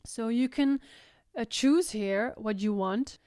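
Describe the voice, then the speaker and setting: A woman's voice: a little high, slow, a little mellow, clear, resonant tone, no room sound, clean studio sound. A young woman with a Dutch Limburg accent, explaining vocal technique in a singing tutorial and often checking in with "right?". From the Netherlands. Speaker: singing teacher. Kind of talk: vocal tutorial with sung demonstrations.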